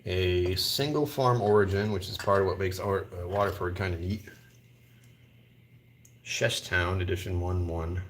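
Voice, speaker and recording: A man's voice: deep voice, measured pace, a little hiss or hum. A man hosting a casual live vlog from a whiskey store aisle, thinking aloud and laughing often. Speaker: whiskey channel host.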